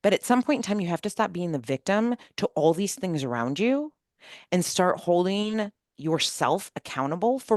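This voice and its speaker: A woman's voice: lowish voice, normal speed, no room sound, studio quality. A woman on a podcast panel speaking emphatically about her team, acting out what people say. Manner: emphatic, animated, quotes people in dialogue. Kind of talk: casual panel discussion.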